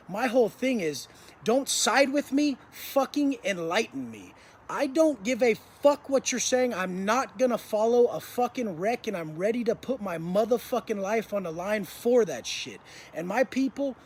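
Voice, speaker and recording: A man's voice: sits high, a little hiss or hum. A man telling a story in a blunt, intense monologue, swearing heavily as a motivational speaker.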